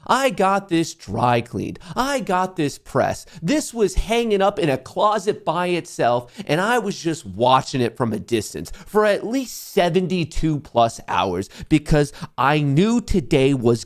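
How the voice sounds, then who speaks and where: A young man hosting a live market stream, ranting in a loud, profane and sarcastic way. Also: on the high side, sing-song, a little slow, hardly any pauses. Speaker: livestream host. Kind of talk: live market commentary rant.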